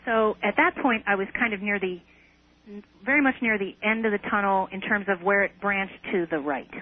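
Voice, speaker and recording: Over a tinny phone line on the radio, a woman guest earnestly recounts a personal experience in an interview, hesitating and restarting at times. Her voice is medium-pitched and her pace moderate.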